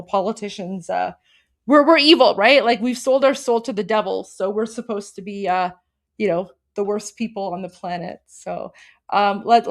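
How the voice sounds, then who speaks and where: Rambling woman livestream host. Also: on the high side. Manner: rambling, hesitant, emotional and warm toward viewers. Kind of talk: casual livestream chat to viewers.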